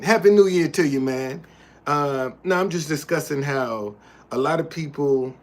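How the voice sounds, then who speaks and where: A man's voice: medium pitch, a little hiss or hum. Heated man scolding a chat. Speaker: livestream host. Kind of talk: casual livestream talk.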